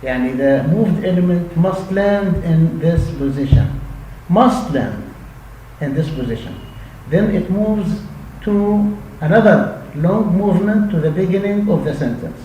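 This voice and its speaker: A man giving a linguistics lecture, explaining slowly with many repetitions and frequent checks for understanding. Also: high-pitched, expressive, muffled recording. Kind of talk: recorded lecture. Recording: echoey room with faint hum.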